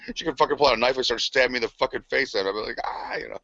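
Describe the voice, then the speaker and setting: A man's voice: mid-range voice, rapid-fire, bright, forceful tone, dry recording. A man in casual podcast chat, rambling and profane, acting out quotes as he tells stories. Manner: profane, rambling storyteller who acts out quotes. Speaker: podcast co-host. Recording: dull lo-fi podcast audio.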